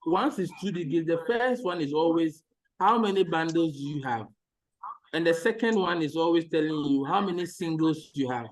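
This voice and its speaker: Patient male maths teacher, higher voice. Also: normal speed, poor audio. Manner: patient, repeats steps and checks understanding. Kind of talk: online maths lesson.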